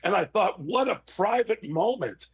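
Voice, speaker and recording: A man's voice: high voice, moderate pace, vocal fry, breathy edge. A middle-aged man, a guest sharing an emotional remembrance in casual chat. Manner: emotional, expressive, tearful at times.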